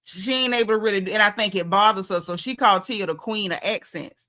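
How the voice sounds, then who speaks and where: A Southern American woman hosting a loose livestream recap, her voice bright and punchy. She talks in a sassy, emphatic, down-home manner, leaning hard into her points and repeating them for effect. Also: mid-range voice, fast talker. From Southern United States. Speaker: show recap host. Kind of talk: casual livestream commentary.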